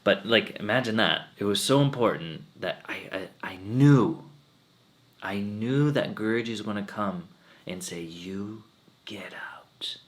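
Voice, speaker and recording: A swami giving satsang speaks at a normal speed in a voice on the low side. He tells earnest personal stories and quotes his teacher, shifting into different voices for those lines.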